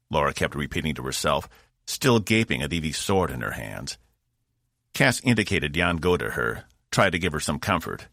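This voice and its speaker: A man narrating a science fiction audiobook in a measured storytelling voice. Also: a bass voice, gravelly, pushed and bright, dry recording, studio quality. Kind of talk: scripted narration.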